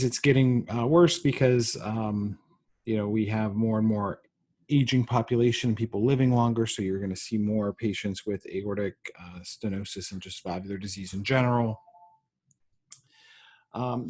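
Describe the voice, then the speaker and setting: A man giving a recorded medical lecture, pausing often with ums and uhs. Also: medium pitch, darkish tone. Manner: halting, frequent ums and uhs.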